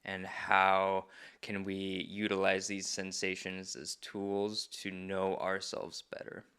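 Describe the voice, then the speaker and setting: A man's voice: sits low, monotone, takes it slowly, pushed and bright, clear, resonant tone. A man who facilitates men's groups, speaking as a podcast guest in an earnest, reflective way. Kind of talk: reflective conversation.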